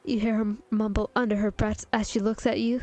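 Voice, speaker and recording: A woman's voice: mid-range voice, little pitch movement, a little fast, darkish tone, dry recording. Playful young woman reading fanfic aloud. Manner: playful, giggly, breaks off to comment. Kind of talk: casual dramatic reading of fanfiction. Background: faint music.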